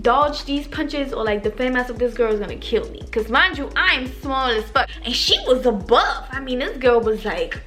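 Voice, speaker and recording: A young woman vlogger telling a story in casual slang, animated and swearing freely to her viewers. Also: high-pitched, moderate pace, hardly any pauses. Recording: faint background music.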